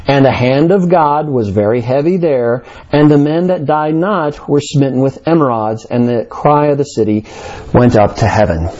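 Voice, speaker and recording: A pastor delivers an expository sermon, reading scripture aloud and then explaining it with emphatic repetition and stress on key words. His mid-range voice is mellow and moves at normal speed, with lo-fi sound.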